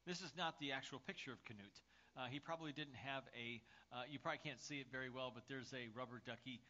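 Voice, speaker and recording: A man's voice: medium pitch, fast, bright, forceful tone, dull audio. A male pastor preaching a sermon with a summer cold. He tells stories and talks with frequent fillers and restarts. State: has a summer cold, coughing. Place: church.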